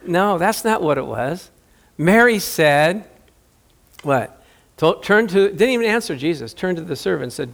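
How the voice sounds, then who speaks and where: A man's voice: on the high side, expressive, moderate pace, creaky, fairly bright tone. A man preaching a conversational sermon, acting out biblical dialogue with humor. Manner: conversational, jokey preaching with acted-out quotes. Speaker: pastor.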